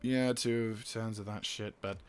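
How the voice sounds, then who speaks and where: A young man commentating his strategy game, swearing freely and venting frustration between calm planning. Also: fairly low pitch, measured pace, slight background noise. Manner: profane, ranting, venting frustration. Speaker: gaming YouTuber. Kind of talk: let's play commentary.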